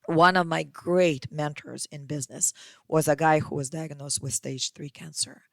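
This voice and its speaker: A woman's voice: low voice, fairly even intonation, moderate pace, creaky, dry recording. A woman hosting a podcast, giving an emphatic motivational monologue and speaking straight to the listener as her friend. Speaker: podcast host.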